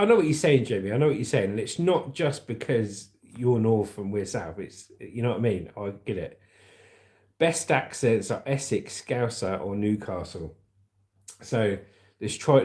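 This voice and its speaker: A man's voice: lowish voice, darkish tone, reverberant. A man with a southern English accent reading the news aloud on a livestream, with casual, chatty asides to viewers. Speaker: livestream host.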